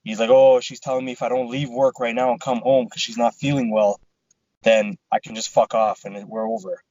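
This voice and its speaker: A man's voice: mid-range voice, a little fast, no echo, muffled recording. A man co-hosting a podcast, casually telling a story with lots of swearing and quoted back-and-forth. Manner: swears a lot, animated retelling with quoted dialogue. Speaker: podcast co-host.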